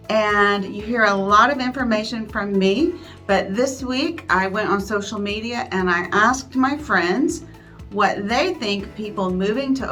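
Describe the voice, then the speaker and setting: A woman's voice: mid-range voice, a bit bright. A woman, a real estate agent talking through casual advice for newcomers in a friendly, chatty way with self-deprecating asides. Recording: faint background music.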